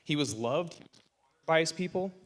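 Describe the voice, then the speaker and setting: A man's voice: a little high, expressive, unhurried. Casting: man preaching loosely with jokes, church reverb trailing his voice. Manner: joking, conversational preaching. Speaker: pastor. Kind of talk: casual sermon. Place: church sanctuary.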